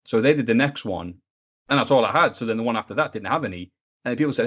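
A man telling stories as a podcast guest, animated and swearing freely, acting out other people's voices, and sounding a bit under the weather. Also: mid-range voice, quick pace, muffled recording. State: sick, stuffy. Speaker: interview guest, video maker. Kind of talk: casual podcast storytelling.

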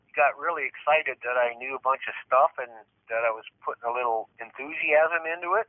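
A man, a guest musician, telling long rambling stories in an interview, animated and repeating himself. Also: medium pitch, brisk, no room sound. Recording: tinny phone line, dry.

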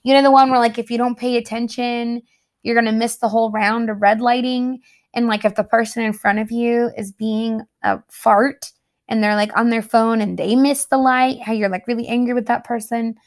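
A woman's voice: a little high, moderate pace. A young adult woman hosting a podcast, chatting casually and telling a personal story with lots of laughter and acted-out quotes. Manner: chatty, animated, laughs often, acts out quotes. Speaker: podcast host.

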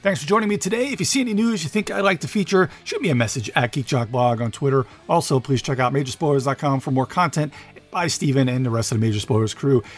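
A man's voice: mid-range voice, fast talker, soft background music. A man hosting a podcast, giving a casual, enthusiastic roundup of game news with many fillers. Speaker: podcast host covering board games.

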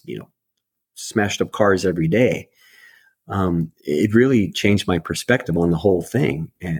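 A man with a low, slightly husky voice recounts a story from his past, earnest and halting, circling back to restart his sentences. He sounds close and dry, with no room around him. He is a middle-aged podcast guest. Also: darkish tone, no echo. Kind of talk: personal storytelling.

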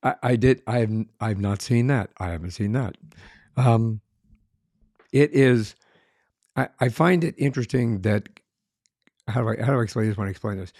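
A man's voice: medium pitch, moderate pace, pauses often, darkish tone, dry recording, clean studio sound. A man, a former police officer, talking in casual chat and often repeating words as he searches for what to say.

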